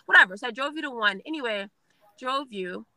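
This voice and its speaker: A young woman tells her story in a blunt, profane, animated way. Her voice is very bright and sharp, recorded dry and close. She talks casually, as if confiding in friends. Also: fairly high pitch, a little fast, no echo, low-quality recording.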